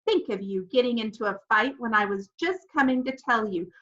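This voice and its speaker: A woman voicing a brisk nun teacher who scolds a group of children in an audiobook. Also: fairly high pitch, expressive, fairly bright tone, highs cut off. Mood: scolding. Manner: brisk, scolding, then coaxing. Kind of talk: audiobook character voice.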